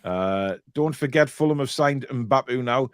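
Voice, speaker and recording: A man's voice: mid-range voice, animated, measured pace, smooth, no echo, studio quality. A middle-aged man co-hosting a casual live stream, reading out viewer comments in a jokey, rambling way with many restarts.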